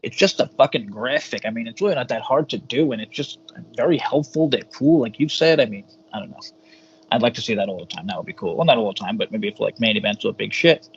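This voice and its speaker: On a dull, lo-fi recording with a faint hum, a fast-talking, expressive man co-hosts a podcast. His mid-range voice rambles through a wrestling review full of casual cursing and hesitant fillers.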